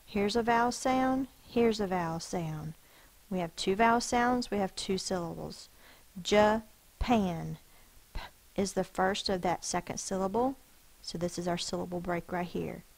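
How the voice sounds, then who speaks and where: A woman teacher slowly and patiently sounding out spelling words, letter by letter, for a class. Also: mid-range voice, low-quality recording. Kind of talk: phonics lesson for children.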